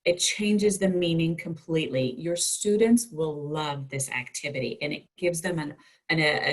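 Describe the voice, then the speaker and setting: Low husky-voiced woman teaching teachers. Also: rough recording. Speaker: dyslexia educator presenting to teachers. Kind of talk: online conference presentation.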